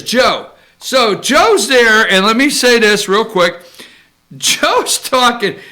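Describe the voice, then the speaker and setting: A man's voice: high voice, pushed and bright. A man hosting a political talk show, joking and sarcastic as he rambles through the news. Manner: joking, sarcastic, rambling, jumps between mock impressions. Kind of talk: casual opinion commentary.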